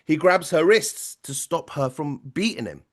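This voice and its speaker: A man's voice: fairly high pitch, animated, a little slow. Male, podcast producer type; rambling casual storyteller, checks in with tag questions.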